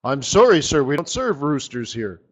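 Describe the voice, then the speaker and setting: A man's voice: on the high side, very animated, moderate pace, breathy edge. A man playing a stern bartender. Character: stern bartender refusing a rooster.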